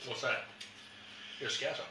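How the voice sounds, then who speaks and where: A man chatting casually, animated and given to exaggerated storytelling. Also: moderate pace. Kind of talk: casual chat. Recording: echoey room, distant mic, faint noise.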